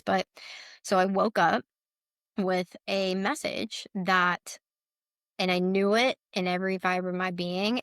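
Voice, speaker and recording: A woman's voice: medium pitch, a bit bright, smooth, dry recording, clean studio sound. A woman guest speaking earnestly and emotionally in a casual interview, often saying "like". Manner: earnest, emotional, heavy use of "like". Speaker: guest, letter board practitioner.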